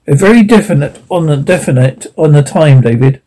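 A man's voice: on the high side, animated, a little fast, dark tone, low-quality recording. A man reading a prim, reproving old doctor.

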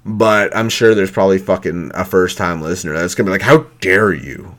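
Deep voiced guy ranting on his podcast, swears nonstop, mad and mocking. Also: quick pace, fairly bright tone. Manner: angry, heavy swearing, mocking quotes. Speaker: podcast host. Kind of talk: profane rant.

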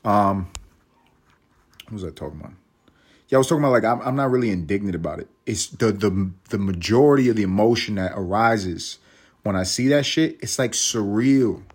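A man's voice: on the low side, animated, a little fast, breathy edge. A man in his thirties from East Harlem with a New York accent, hosting a solo podcast in a profane, rambling way and laughing at his own jokes. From East Harlem, New York City. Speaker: podcast host.

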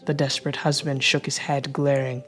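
Woman audiobook narrator, low voice, measured, light music bed. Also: level tone, a bit bright. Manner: measured storytelling.

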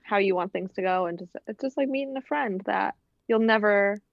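A woman's voice: mid-range voice, a little fast, gravelly, no echo. A woman chats casually, laughing easily and sprinkling her sentences with "like" and "you know". Her sound is slightly dull and lo-fi, with a dry, close feel. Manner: giggly, filler-heavy talk with many "like"s. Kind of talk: casual chat.

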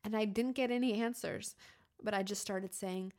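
A woman in her thirties co-hosting a podcast, telling a personal story candidly and acting out her inner voices with sudden jumps in pitch. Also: steady tone, moderate pace, darkish tone. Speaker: podcast co-host.

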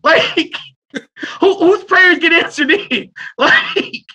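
A man in his thirties, a therapist in casual conversation, talking loudly and bluntly with off-color jokes. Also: extremely high pitch, very slow. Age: 30s. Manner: loud and abrasive, blunt and joking.

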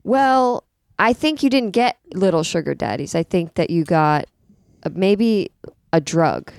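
A woman on a comedy podcast trades teasing, dry quips with the others. Her pitch moves around animatedly, and the recording is close and dry. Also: lively intonation, measured pace, darkish tone, no room sound. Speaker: podcast co-host. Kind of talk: comedic banter.

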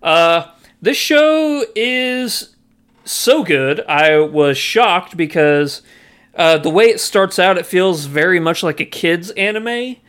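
A man co-hosting a podcast, sharing blunt, animated opinions on movies and anime. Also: high voice, takes it slowly, clean tone. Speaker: podcast co-host. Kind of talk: casual movie review chat.

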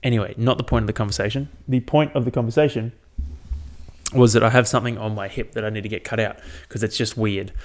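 A man's voice: on the low side, fairly even intonation, fast. A young Australian man hosting a solo podcast, telling rambling stories and swearing constantly. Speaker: podcast host. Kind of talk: casual solo podcast monologue.

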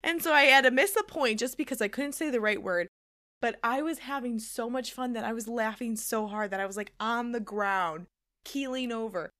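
A young woman co-hosting a podcast, telling a story in casual chat and acting out the quotes with loud, animated energy. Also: a little high, normal speed. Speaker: podcast co-host.

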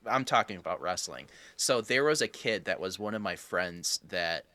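Bright-voiced man hosting a casual chat. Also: low-pitched, expressive, normal speed. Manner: easygoing, rambling, musing aloud. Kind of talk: casual conversation.

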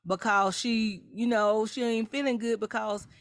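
A woman's voice: a little high, steady tone, a little slow, no echo. A woman co-hosting a podcast, reining in and scolding her co-host in mock-indignant casual banter.

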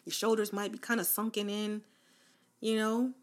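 A woman giving a casual, encouraging motivational talk, leading the listener through spoken affirmations with relaxed slang. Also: medium pitch, normal speed. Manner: informal slang, fillers like "like" and "right?". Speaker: self-help speaker.

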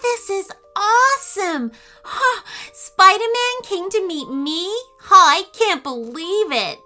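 A woman voicing an excited, wide-eyed eight-year-old boy in a storybook reading, with high, breathless exclamations. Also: takes it slowly, faint music behind, full character voice. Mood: amazed.

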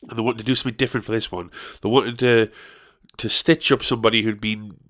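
A man's voice: fairly low pitch, fairly even intonation, fast talker, sharp tone. A man, ranting profanely and rambling as a podcast host. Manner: rambling, profane ranting with sudden outraged peaks. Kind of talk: casual chat.

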